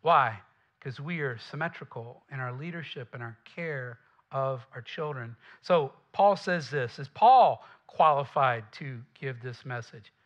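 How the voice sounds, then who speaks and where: A man from the American South with a Southern accent, preaching a lively, conversational sermon with asides to the congregation. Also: mid-range voice, a little slow, dull audio. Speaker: pastor.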